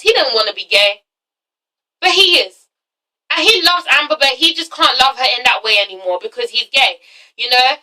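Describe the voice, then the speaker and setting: Young woman vlogger, high and very bright voice, emphatic and outspoken, swears a lot, keeps checking in with "okay?", mic set back a little. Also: normal speed, long pauses, far from the mic, poor audio. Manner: emphatic, swears freely, frequent okay and all right tags; animated, acts out quotes with big pitch jumps. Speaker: vlogger reviewing a reality show. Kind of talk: casual vlog review.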